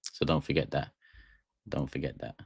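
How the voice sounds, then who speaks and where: A young man from England hosts a fan channel live stream in a small studio room, rambling, joking and talking straight to chat in casual fashion. His voice is extremely low, creaky and husky at a normal speed, with a dry, clean studio sound.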